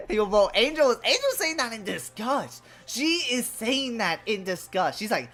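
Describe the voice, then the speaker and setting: Fairly high-pitched and a bit bright, this young woman's voice swings widely in pitch as she talks at normal speed, barely pausing. She's live-streaming a game, cursing often, joking and addressing chat as bro, with soft music playing behind her.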